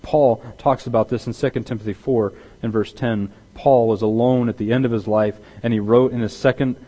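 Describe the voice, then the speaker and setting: A man preaching a sermon as pastor, emphatic and repeating words, swinging between loud stress and hushed intensity. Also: medium pitch, fairly even intonation, normal speed, muffled recording. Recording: long hall reverb.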